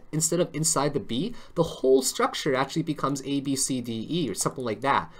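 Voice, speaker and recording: A man hosting a live stream on crypto charts, chatty and joking, always checking in with tag questions. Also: on the high side.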